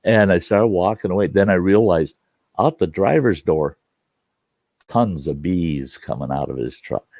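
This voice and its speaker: A man with a fairly low, mellow voice spins a rambling, folksy yarn in a relaxed, conversational way. The sound is dry and slightly dull, like a lo-fi home recording with little room around it. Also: unhurried, dry recording. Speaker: storyteller host. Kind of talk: casual spoken storytelling.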